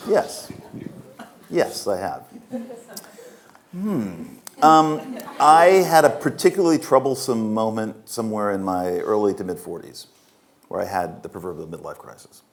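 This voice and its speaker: Brief: man in his fifties, low voice, candid self-mocking festival Q&A storyteller. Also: lively intonation, a little slow. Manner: frank, self-mocking, laughs while telling stories. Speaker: author answering audience questions. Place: festival stage before an audience.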